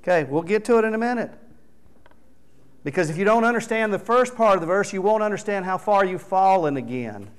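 A man's voice: high voice, lively intonation, fairly quick, clean tone. A man preaching a sermon as pastor, earnest and exhorting, reading scripture aloud with rising emphasis.

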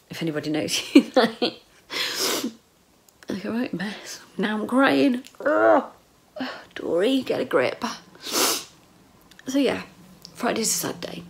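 A woman's voice: fairly low pitch, gravelly. A middle-aged woman, talking in a rambling, emotional video diary and often dropping into a whisper. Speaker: vlogger. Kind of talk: casual personal video diary.

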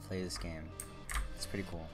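Young guy streaming a game, rambly and jokey, music going in the back, keys clacking. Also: low-pitched. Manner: rambling, excitable, quick to tease. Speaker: gaming streamer. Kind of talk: casual chat while gaming. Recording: stream with music playing under the voice. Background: game music and keyboard typing.

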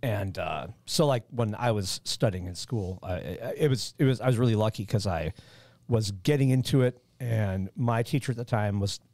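A man's voice: lowish voice, normal speed, darkish tone, no echo. A man who teaches guitar, talking easily as a podcast guest. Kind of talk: casual chat.

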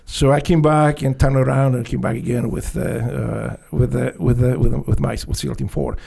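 A middle-aged man from Poland with a Polish accent, a podcast guest telling stories casually, animated and swearing freely. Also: medium pitch, normal speed, vocal fry, breathy edge. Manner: animated, swears freely, acts out dialogue, laughs often. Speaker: podcast guest, former Navy SEAL. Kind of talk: storytelling in a casual interview.

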